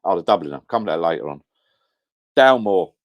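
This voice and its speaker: Deep-voiced chatty man. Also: expressive, brisk. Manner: chatty, rambling, self-correcting. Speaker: live stream host. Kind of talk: casual live chat. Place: at home by a whiskey shelf. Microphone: camera on a home setup.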